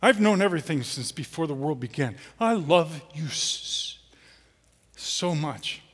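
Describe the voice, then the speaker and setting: A man preaching, voicing a tender, gently smiling savior who speaks softly and slowly, with a long church reverb. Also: a little high, lively intonation. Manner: soft, slow and reassuring. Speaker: guest preacher.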